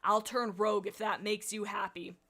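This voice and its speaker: A woman's voice: mid-range voice, little pitch movement, normal speed, a bit bright. A woman voicing a defiant, loyal female cat warrior in a fan story, speaking firmly. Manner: firm, snarling.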